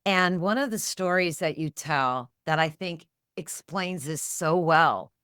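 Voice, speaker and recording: Smooth-voiced woman asking interview questions. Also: low voice, unhurried, a bit bright, dry recording, clean studio sound. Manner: thoughtful, reads quotes aloud. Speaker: podcast host.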